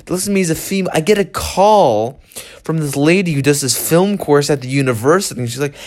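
A man's voice: on the high side, quick pace, a little mellow. A young man hosting his own show, rambling through an irritable, sarcastic solo rant. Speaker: podcast host. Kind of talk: solo ranting monologue.

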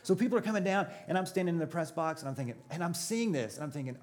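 A man's voice: on the high side, animated, fast talker, slight background noise. A middle-aged man preaching a sermon in a church auditorium, telling stories with jokes and asking the audience questions. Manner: joking, crowd-engaging storytelling. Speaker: pastor.

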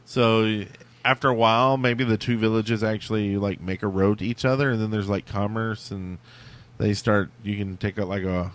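A man's voice: fairly low pitch, fairly even intonation, normal speed. A man co-hosting a casual gaming podcast, reading a listener suggestion and rambling through joking ideas. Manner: jokey, rambling, does silly voices. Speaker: podcast co-host. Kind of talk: casual chat.

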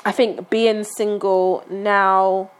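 A woman's voice: mid-range voice, flat delivery, extremely slow, clear, resonant tone. A young woman talking in a casual chat, often asking "do you know what I mean".

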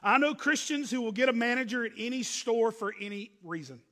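A man preaching a sermon as pastor, swinging from loud emphatic preaching to low, hushed asides. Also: lively intonation, a little fast, in a large hall.

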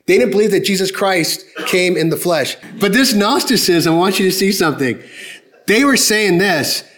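A man's voice: sits high, lively intonation, moderate pace, fairly bright tone. A man preaching a sermon in a conversational, emphatic way, often asking the congregation direct questions. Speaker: pastor.

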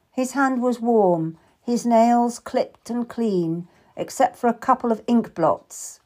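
A woman narrating a historical novel in the first person, with measured, intimate storytelling. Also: on the low side, dark tone. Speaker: audiobook narrator.

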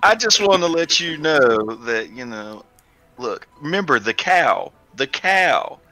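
A man's voice: a little high, lively intonation, unhurried, pushed and bright, no echo, faint music behind. A man playing a tabletop game, joking and speaking in character. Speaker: player. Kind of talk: tabletop role-play.

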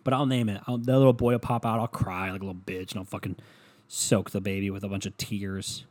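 A man's voice: on the low side, little pitch movement, fairly quick, darkish tone. Rambling, foul-mouthed comedic rant from a man. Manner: rambling, profane, mocking.

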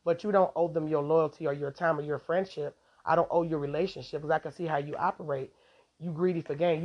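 A woman's voice: deep voice, breathy edge. A woman hosting a podcast, giving a casual, rambling devotional talk and laughing often, on a dull lo-fi recording.

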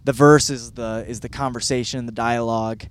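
A man's voice: medium pitch, flat delivery, moderate pace, clean tone. A man in his thirties from Michigan, hosting a podcast and reviewing a book in a rambling, profane, self-deprecating monologue. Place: California.

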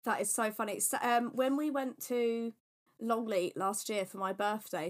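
A woman's voice: a little high, bright, forceful tone. A woman co-hosting a podcast in casual chat, talking in a chatty way with lots of fillers and blunt opinions. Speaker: podcast co-host.

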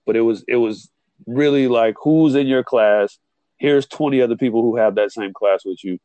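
A man's voice: a little fast, dry recording. A man telling a college story in casual chat, acting out the people he quotes. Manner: animated, acts out quotes with jumps in pitch.

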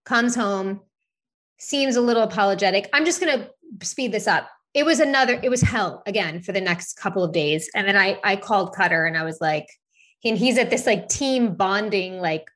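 A woman's voice: mid-range voice, expressive, moderate pace, a bit bright. A woman in her thirties telling a personal story in casual podcast chat, candid, swearing freely and leaning on "like" fillers. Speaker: podcast co-host.

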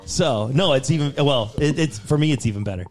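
A man's voice: mid-range voice, fairly quick. A man telling a long story as a podcast co-host, swearing and acting out the voices of the people in it. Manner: animated, swearing, acts out quoted voices. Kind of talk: casual storytelling.

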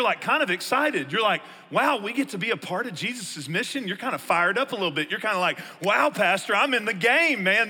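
A man's voice: high-pitched, sharp tone, in a large hall. A man, a pastor preaching a conversational sermon and acting out his listeners' objections.

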